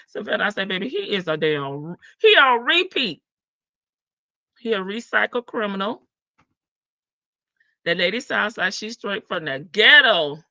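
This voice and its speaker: A woman hosts a casual livestream, sassy and quick to laugh as she answers her chat. She talks slowly in a bright, slightly high voice. The sound is dry and a bit dull. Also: dry recording. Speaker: livestream host.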